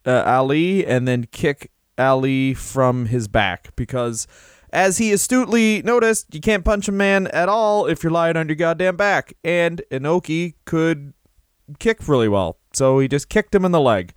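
Guy on a comedy podcast riffing crude stories, smooth voice, dead dry mic. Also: on the high side, animated, unhurried, dry recording. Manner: crude, rambling storytelling with silly put-on voices. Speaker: podcast co-host. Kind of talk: improvised comedy chat.

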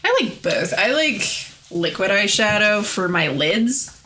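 A woman's voice: medium pitch, a little slow, a little hiss or hum. Young woman co-hosting a casual chat. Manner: relaxed, lots of "like", detailed explanations. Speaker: podcast co-host.

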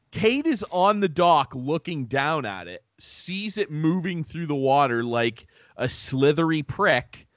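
Podcast guy spinning a funny story, swears a lot, drawn out and slow, dry close sound. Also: fairly high pitch, no room sound. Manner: animated, profane, self-mocking storytelling. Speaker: podcast host. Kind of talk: comic storytelling.

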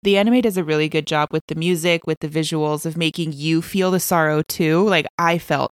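A woman's voice: low voice, fairly even intonation, fairly quick, clean tone, no room sound, clean studio sound. A woman co-hosting a podcast, chatting casually and enthusiastically about an anime and laughing often. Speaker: podcast co-host. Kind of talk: casual chat reviewing an anime.

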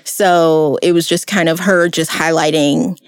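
A woman's voice: deep voice, fairly even intonation, measured pace, smooth, dry recording. A woman co-hosting a podcast, chatting casually and emphatically with lots of fillers. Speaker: podcast co-host. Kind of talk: casual chat.

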